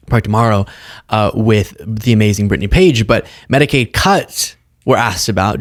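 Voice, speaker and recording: Sarcastic male political commentator. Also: lowish voice. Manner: sarcastic and animated, mocking.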